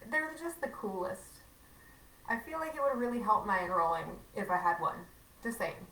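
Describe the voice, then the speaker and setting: A chatty woman talks her team through a casual livestream training, full of fillers and self-mocking asides. Her voice is bright and sharp. It sounds a bit distant, in an echoey room. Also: mid-range voice, normal speed.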